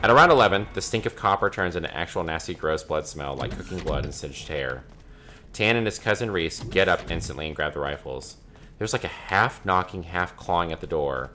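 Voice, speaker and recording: Deep-voiced man reading a creepy story. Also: animated, brisk, over music. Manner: casual, swears freely, laughs between lines. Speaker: let's play commentator. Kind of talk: reading a creepy story aloud during gameplay.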